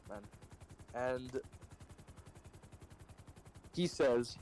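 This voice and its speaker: A man's voice: medium pitch, a little slow, pauses often, darkish tone, a little hiss or hum, poor audio. Profane rambling male storyteller. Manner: profane, rambling, lots of "like" fillers. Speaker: streamer. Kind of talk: casual storytelling while gaming.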